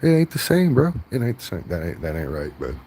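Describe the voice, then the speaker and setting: A man voicing an indignant young dude who talks loud and profane and keeps saying bro. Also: sits low, wildly swooping pitch, a little fast, slight background noise, exaggerated voice. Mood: outraged.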